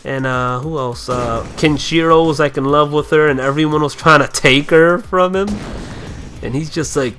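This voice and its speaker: A young man with a somewhat high voice rambles through casual gameplay commentary, swearing freely and breaking into loud martial-arts yells. Faint game music plays behind him. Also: normal speed.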